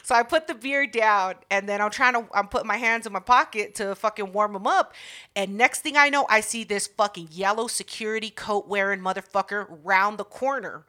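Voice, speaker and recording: Bright-voiced woman telling a story. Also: medium pitch, moderate pace. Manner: profane, energetic storyteller. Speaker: podcast co-host. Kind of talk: casual chat.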